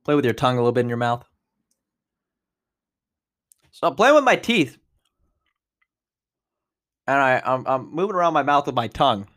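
A man in his twenties hosting a podcast, telling a personal story in a casual, animated way, with big jumps in pitch and loudness. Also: moderate pace, long pauses. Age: 20s. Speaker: podcast host.

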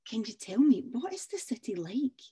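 A woman voicing a polite, cheerful traveller on horseback who speaks warmly about home. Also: a little high, sing-song, normal speed, husky, pitched above the performer's own voice, full character voice. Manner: polite, warm, enthusiastic.

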